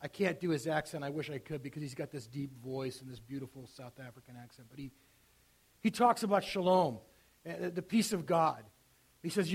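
A man preaching a sermon as pastor, talking conversationally with restarts and sinking to a quiet hush on key phrases. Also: fairly high pitch, animated, fairly quick, slightly rough.

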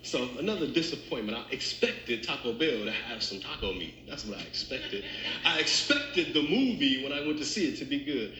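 A man preaching a sermon as pastor, telling humorous stories and speaking straight to the congregation in a lively, conversational way. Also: medium pitch, moderate pace, slight background noise. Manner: animated, conversational, addresses congregation directly. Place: church sanctuary. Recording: roomy church echo.

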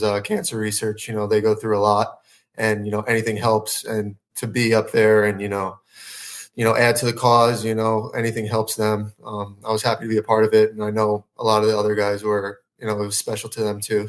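A man who is a professional soccer goalkeeper, answering in a laid-back, casual way on a podcast. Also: lowish voice. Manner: laid-back, lots of "you know" fillers.

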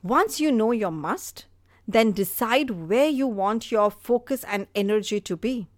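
A woman's voice: a little high, animated, measured pace, dry recording. Motivational podcast host, woman, earnest storyteller, fillers, dry booth sound. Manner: earnest, storytelling, frequent "you know" fillers. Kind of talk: motivational talk.

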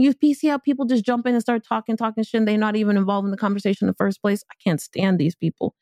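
A woman podcast host and business speaker telling a personal story in an animated, casual, slangy way. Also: medium pitch, quick pace, hardly any pauses, no echo, studio quality. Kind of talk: storytelling motivational talk.

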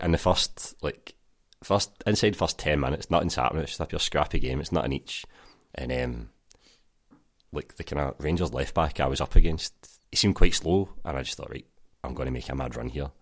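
Very deep-voiced Scottish man. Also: normal speed. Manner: rambling anecdotes full of fillers and "mate". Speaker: podcast guest. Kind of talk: casual chat.

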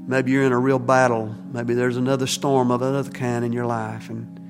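Folksy Baptist pastor preaching. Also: male voice, mid-range voice, flat delivery, a little fast, big-room sound, over music. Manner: folksy, plainspoken, with many fillers and restarts. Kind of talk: sermon and closing prayer. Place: church sanctuary.

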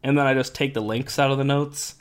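A man hosting a casual podcast chat, explaining things in a relaxed way with many fillers while his voice is going hoarse. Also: medium pitch, fast. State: losing his voice. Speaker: podcast host.

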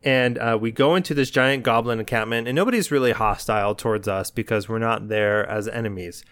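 Man, podcast co-host, casual storytelling, animated delivery, mid-pitched voice, dry close sound. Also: fairly quick, clean tone, dry recording. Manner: animated, acts out his own side of the story.

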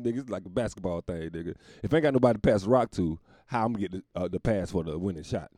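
A man with a low, warm voice riffs profanely in a casual podcast monologue, his pitch leaping up and down as he rambles. The sound is dry and close, with no room around it. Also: lively intonation, rapid-fire, hardly any pauses, no echo. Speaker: comedian.

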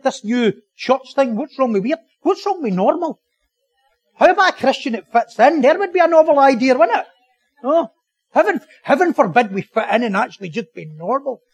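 A man preaching a sermon as pastor, animated and joking, repeating phrases for emphasis. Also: sits high, husky, no room sound, poor audio.

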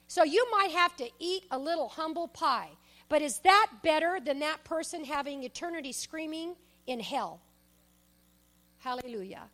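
A woman preaching a sermon, emphatic, shifting between loud exhortation and soft asides and personal stories. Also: sits high, expressive, normal speed. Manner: tells personal stories, acts out quoted speech.

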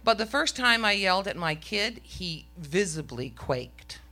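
Bright-voiced woman telling a wry story. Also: fairly low pitch, very animated, unhurried. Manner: wry, self-mocking comic delivery. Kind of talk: live stage storytelling. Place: stage before a live audience.

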